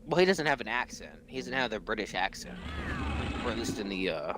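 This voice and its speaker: A man's voice: on the low side, sing-song, fairly quick, background noise. A man streaming a game, chatting casually and reading reviews aloud in a sarcastic, rambling way. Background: loud game music.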